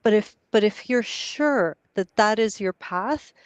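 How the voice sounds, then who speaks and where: A woman's voice: mid-range voice, expressive, measured pace, no room sound. Earnest woman, dry close sound. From Canada. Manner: earnest, searching for words with fillers. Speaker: guest singer-songwriter. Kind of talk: casual interview chat.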